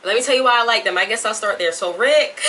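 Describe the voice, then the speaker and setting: A young woman vlogging at home rambles to camera in an exaggerated Southern US drawl, her voice on the high side, pushed and bright. The sound comes from a distant camera mic, and faint room noise can be heard.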